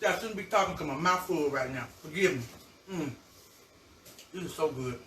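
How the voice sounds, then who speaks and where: Talkative guy hosting a cooking stream, kinda high voice, mic a ways off in a roomy kitchen. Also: moderate pace, long pauses, pushed and bright, far from the mic. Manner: chatty and effusive, savoring food aloud. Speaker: cooking show host. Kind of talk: live cooking show chat to viewers. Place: home kitchen.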